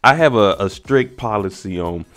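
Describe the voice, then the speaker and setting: Low-voiced man recapping a TV episode. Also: expressive, a bit bright. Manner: chatty, acts out characters' lines in quick voices. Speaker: recap host. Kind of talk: casual TV recap commentary.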